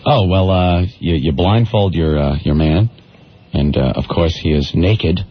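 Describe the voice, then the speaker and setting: A man's voice: low voice, a little slow, husky. Crude chatty radio co-host, man. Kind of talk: casual radio banter. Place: radio studio. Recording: dull lo-fi radio broadcast with faint noise.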